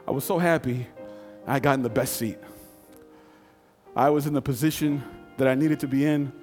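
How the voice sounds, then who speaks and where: A man's voice: mid-range voice, fairly even intonation, darkish tone, faint music behind. Folksy man telling a story in a reverberant hall. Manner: folksy, conversational, dramatic pauses. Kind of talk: live personal storytelling.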